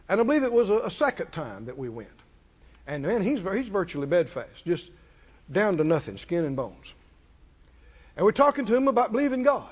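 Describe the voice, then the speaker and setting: Older male preacher, high voice, impassioned sermon in an echoey hall. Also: darkish tone. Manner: impassioned storytelling preacher, call-and-response. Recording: echoey hall, dull muffled sound.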